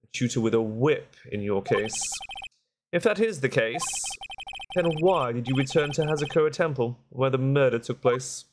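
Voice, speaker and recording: A man's voice: mid-range voice, background noise, lightly acted. A man voicing a cool, dry young male defense attorney in a game. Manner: dry, measured.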